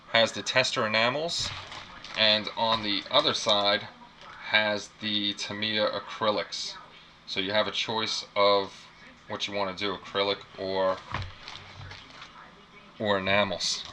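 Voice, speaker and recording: A man hosting a casual live unboxing stream from a small apartment, rambling, repeating himself and reacting to chat. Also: fairly low pitch. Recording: clear background noise.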